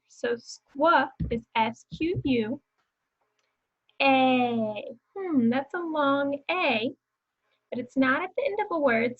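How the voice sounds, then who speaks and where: A young woman teacher giving a phonics lesson to young children, slowly sounding out words and letters and encouraging them to repeat after her. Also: high voice, highs cut off.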